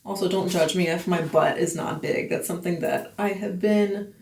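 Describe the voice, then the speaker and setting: A woman's voice: lowish voice, steady tone, normal speed, darkish tone, echoey room, a little hiss or hum. A woman in her twenties chatting casually for her vlog, bubbly and full of "like" and "um", a bit out of breath at the gym. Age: 20s. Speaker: lifestyle vlogger.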